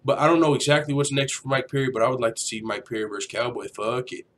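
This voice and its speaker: A man's voice: medium pitch, flat delivery, quick pace, a bit bright. A young man hosting a casual MMA livestream, rambling and profane, reading out chat comments. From grew up in a Mexican neighborhood. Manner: rambling, profane, slangy, with mock voices.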